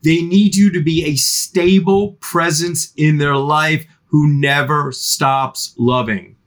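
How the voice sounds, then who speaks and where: Middle-aged guy, kinda high voice, animated podcast guest talking parenting. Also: slow. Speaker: expert guest on parenting teens. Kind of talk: podcast interview.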